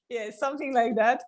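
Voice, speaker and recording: Woman, slow pace, halting, laughs often, interview guest. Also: high-pitched. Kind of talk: casual video-call interview.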